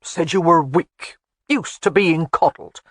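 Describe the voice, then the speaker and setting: A narrator voicing a blustering, fond old Highland man in an audiobook, blunt and scolding. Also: takes it slowly, dry recording, studio quality. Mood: teasing. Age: older. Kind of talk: audiobook character voice.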